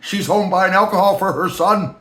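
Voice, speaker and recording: Brief: a crude, bragging loudmouth supervisor, pitched up and mocking, put on by a man, echoey room. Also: moderate pace. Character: brash loudmouth male store supervisor, boastful.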